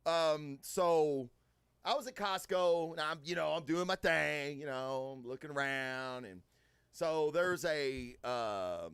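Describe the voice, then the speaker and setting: A man's voice: on the high side, takes it slowly, clean tone, no room sound. A man hosting a casual podcast, telling stories loosely with many fillers and plenty of swearing. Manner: loud, swearing, storytelling with lots of fillers. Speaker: podcast host. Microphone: studio microphone.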